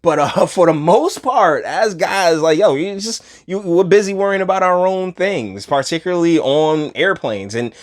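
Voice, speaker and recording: A man's voice: high-pitched, normal speed, few pauses. A man giving casual reaction commentary, rambling with slangy asides and laughter. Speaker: video commentator.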